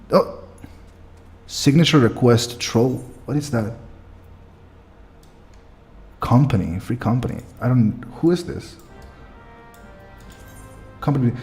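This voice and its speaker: A man's voice: mid-range voice, a little mellow. Playful man streaming a game. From South America. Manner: playful, laughs often, reads game text aloud. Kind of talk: casual game stream commentary.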